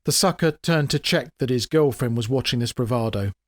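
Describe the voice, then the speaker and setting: A man reads his own comic fantasy story with wry, dramatic expression. His voice sits at a middling pitch, and the recording is close and dry with no room echo. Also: brisk. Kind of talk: dramatic audiobook narration.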